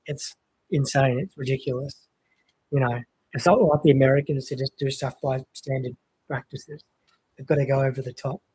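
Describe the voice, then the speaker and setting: A man's voice: medium pitch, fairly even intonation, moderate pace, dark tone, husky, low-quality recording. A young man chatting casually on a stream, rambling with lots of fillers. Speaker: co-host of a cricket watchalong stream. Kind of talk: casual chat.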